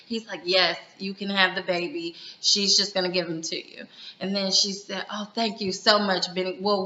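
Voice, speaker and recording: A woman's voice: lowish voice, bright, forceful tone. A woman casually recapping a TV drama episode, retelling scenes with quoted lines and plenty of ums. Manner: retelling scenes in quoted dialogue, many fillers. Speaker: TV show recapper. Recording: roomy, dull lo-fi sound.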